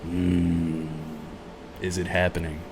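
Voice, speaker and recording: A man co-hosting a casual podcast, needling and teasing with rapid questions. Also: deep voice, monotone, background noise. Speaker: podcast co-host. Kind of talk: casual chat.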